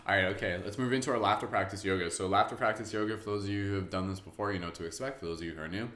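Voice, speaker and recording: A man with a fairly low voice leads a live-streamed guided meditation. He talks in a chatty, upbeat, loose way, and his voice carries a roomy echo. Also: very fast, a bit bright. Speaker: meditation host.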